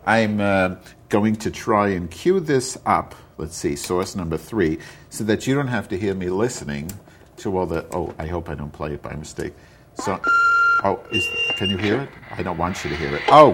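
A man with a fairly low voice hosts his own podcast alone, talking off the cuff. He rambles between topics and slips into profane rants. His delivery is loose and unpolished. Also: a little hiss or hum. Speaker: podcast host. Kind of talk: casual solo podcast rant.

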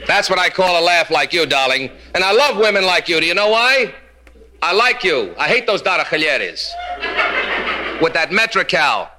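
A man doing stand-up comedy, telling quick jokes with Yiddish punchlines and slipping into character voices. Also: high-pitched, sing-song, noisy background. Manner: rapid storytelling, drops into Yiddish phrases and character voices. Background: audience laughter.

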